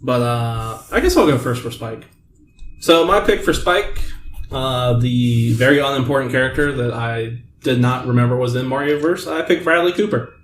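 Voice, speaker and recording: A man's voice: mid-range voice, normal speed, far from the mic. A man co-hosting a podcast, chatting casually, joking and rambling with frequent restarts. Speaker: podcast co-host. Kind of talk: casual chat. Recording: echoey room with faint noise.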